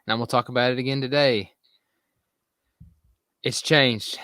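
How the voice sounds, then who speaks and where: A man's voice: mid-range voice, fairly even intonation, moderate pace, sharp tone, smooth, no echo, studio quality. A man co-hosting a sports podcast, talking in an earnest, rambling way. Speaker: podcast co-host. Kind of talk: casual sports chat.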